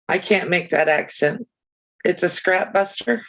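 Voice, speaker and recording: A woman's voice: fairly low pitch, measured pace, fairly bright tone, low-quality recording. A woman hosting a casual crafting livestream, chatting easily with viewers and reading out their comments, with chirpy, self-deprecating asides.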